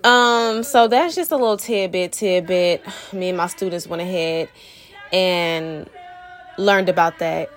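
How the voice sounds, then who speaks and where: Her voice is lowish and a little slow. She's a young Vodou practitioner and spiritual mentor speaking informally to followers in a vlog, sprinkling in slang and fillers while sounding a bit out of breath.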